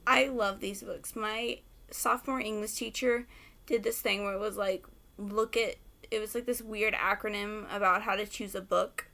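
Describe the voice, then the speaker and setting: A young woman rambling excitedly to camera about favorite books, swearing freely. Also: medium pitch, normal speed, creaky. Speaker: book vlogger. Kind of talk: casual rant to camera.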